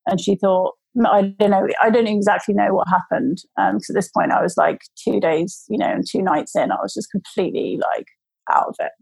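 A woman's voice: medium pitch, creaky, a little mellow, husky, no room sound, poor audio. A woman casually telling a long personal story, with many fillers and restarts. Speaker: guest telling her birth story.

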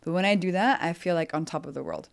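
A woman's voice: lowish voice, fast, vocal fry. A young woman, a guest author, talking casually and upbeat in an interview, often saying "like".

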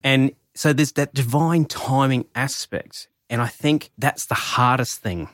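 A man in his forties hosting a podcast, telling stories in an animated way with sudden rises in pitch. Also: a little slow, no echo, studio quality. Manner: animated storyteller, pitch jumps when excited. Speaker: podcast host. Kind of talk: casual podcast chat.

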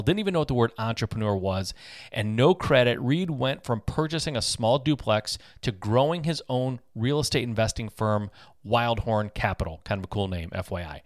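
A man's voice: mid-range voice, no echo, clean studio sound. A man hosting a real estate podcast, chatty and upbeat, introducing and interviewing a guest. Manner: upbeat, chatty, many fillers. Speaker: podcast host. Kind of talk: casual interview.

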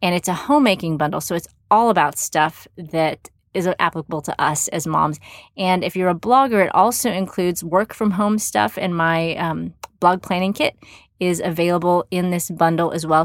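Recorded dry and at studio quality, this woman speaks at a moderate pace in a steady tone on the low side. She's a Texas-born podcast host with a mild accent, keeping a casual interview upbeat despite frequent fillers and restarts.

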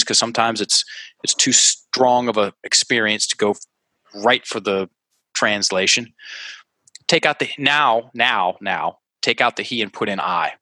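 Bright-voiced man explaining as a guest. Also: on the low side, no echo, rough recording. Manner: animated, repeats words while working through examples. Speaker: interview guest, language coach. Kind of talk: conversational interview, teaching by example.

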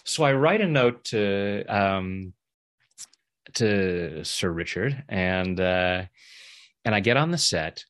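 Middle-aged guy with a deep voice telling a story in an interview, chatty, laughs a lot. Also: slow pace. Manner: animated when acting out quoted voices, laughs often. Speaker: interview guest, EFT practitioner. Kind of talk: casual storytelling.

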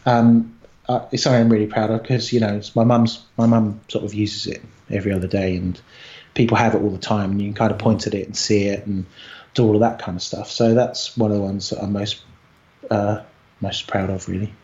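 A man's voice: fairly low pitch, level tone, a little fast, a little mellow. Brief: middle-aged Englishman from the Isle of Wight, easygoing guest, thinks aloud, muffled lo-fi recording. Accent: British. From Isle of Wight, England. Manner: thoughtful, with frequent fillers and restarts. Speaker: guest, agency co-founder. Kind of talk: casual conversational interview.

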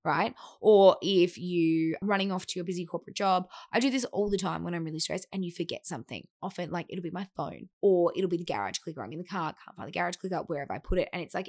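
Brief: a woman coach hosting a podcast, chatty and animated, voice sits a little low. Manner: chatty, animated, acts out quoted remarks. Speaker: fat-loss coach and podcast host. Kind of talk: casual podcast monologue.

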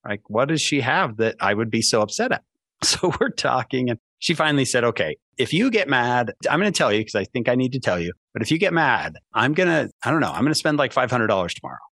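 Animated storytelling man on a podcast. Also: fast, no echo. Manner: animated storyteller, acts out quoted voices with big pitch jumps. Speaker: podcast guest. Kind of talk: casual storytelling.

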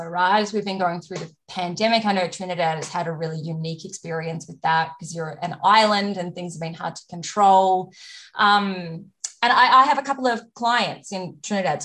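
A woman interviewing a guest in a warm conversational way, asking long, affirming questions. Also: lowish voice. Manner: encouraging, affirming.

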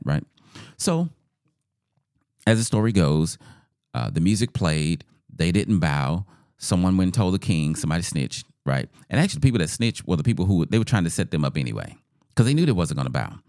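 Low-voiced, animated man giving a chatty, informal sermon. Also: moderate pace, pauses often, no echo, clean studio sound. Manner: conversational, repeats words, asks "right?" often. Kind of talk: casual devotional sermon.

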